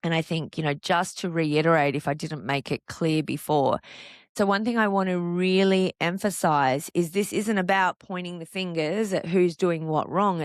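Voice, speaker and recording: A woman with a lowish voice hosts a solo podcast about couples, talking straight to the listener. She explains things calmly and reassuringly and often asks a run of rhetorical questions. Her voice sounds dry and close, with no room echo. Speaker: podcast host speaking on couples' relationships.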